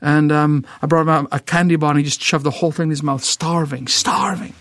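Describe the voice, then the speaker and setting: A man's voice: fairly high pitch, little pitch movement, rapid-fire, fairly bright tone, no room sound. A middle-aged Scottish man telling an emotional personal testimony, stammering and repeating words as he tells it vividly. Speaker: ministry founder, guest.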